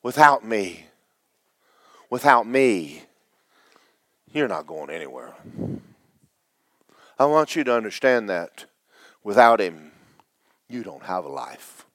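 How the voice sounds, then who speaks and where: A middle-aged male pastor preaching, his voice tearful, dropping to whispers and rising to loud cries. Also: low-pitched, very animated, unhurried, pauses often, dry recording. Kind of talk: sermon.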